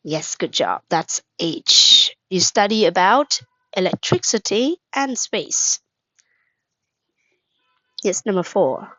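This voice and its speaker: A woman teaches an English lesson patiently, asking questions, praising answers, spelling words out, and glossing words in Vietnamese, her mother tongue. Her medium-pitched voice is very animated and sharp in tone, slow with frequent pauses. The audio is dull with no room sound.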